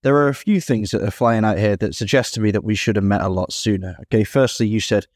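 A male podcast host interviewing a guest, excitable and self-deprecating. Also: lowish voice, quick pace, dry recording, clean studio sound. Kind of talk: interview chat.

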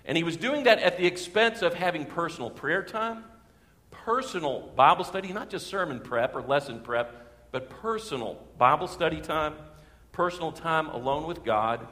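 A male pastor preaching in a church sanctuary with a long, ringing reverb behind him. His voice sits a bit higher than most men's, and he swells into forceful emphasis on the lines he wants to land. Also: animated, normal speed. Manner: emphatic, swelling for key phrases. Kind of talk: sermon.

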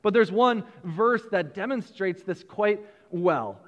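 A man preaching a sermon as pastor, animated, repeating words and chuckling between points. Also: high voice, takes it slowly, big-room sound, muffled recording.

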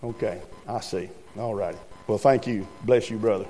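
A man voicing a calm, shrewd older small-town preacher, talking slowly and teasing gently, in an echoey hall with faint music. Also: lowish voice, voice pushed down, natural voice.

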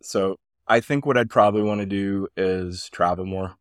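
A man's voice: low-pitched, fairly even intonation, moderate pace, dry recording, studio quality. A man guesting on a podcast, telling a rambling, self-deprecating story over a remote call. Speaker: guest, company founder. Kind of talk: casual podcast interview.

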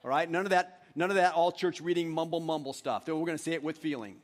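In a church sanctuary, a high-voiced pastor preaches a sermon quickly and conversationally. He chats easily with the congregation and guides them as they recite together.

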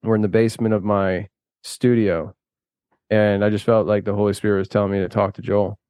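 A man with a lowish voice talks in a loose, rambling way. He laughs often and restarts his sentences as he chats. The sound is dry and close, with no room echo. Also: flat delivery, brisk, darkish tone, clear, resonant tone. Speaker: podcast host and filmmaker guest. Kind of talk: casual conversation.

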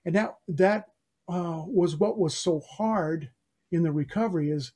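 Halting older man, high and mellow. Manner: halting, many restarts and fillers. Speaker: guest, airline pilot. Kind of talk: casual interview chat.

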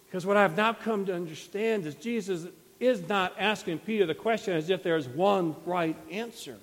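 A man's voice: sits high, in a large hall. A man preaching a sermon as pastor, retelling a story with dramatic acted quotes. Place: church sanctuary.

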